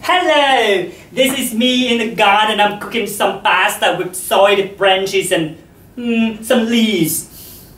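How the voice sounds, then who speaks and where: A man's voice: high voice, takes it slowly, a bit bright, slight background noise, voice pushed up. A man voicing his own childhood self, a small boy playing in a garden, in a playful sing-song way. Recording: echoey hall, distant mic.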